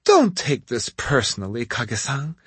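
A man voicing a spiteful female witch assassin in an audiobook, high, shrill and sneering, with a husky edge in a dry recording. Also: wildly swooping pitch, moderate pace, dry recording, full character voice. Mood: mocking.

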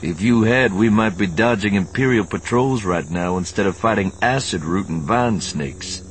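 A man's voice: lowish voice, normal speed, a little hiss or hum, voice pushed up, natural voice, poor audio. A man reading an audiobook voices an easygoing male smuggler with a dry, wry way of speaking. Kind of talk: audiobook narration.

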